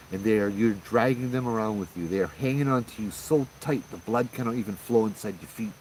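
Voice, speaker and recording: Lowish-voiced guy rambling through ghost stories, faint noise behind. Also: darkish tone, low-quality recording. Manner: rambling, conversational, quotes others in quick asides. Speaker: storyteller host. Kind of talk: casual ghost story telling.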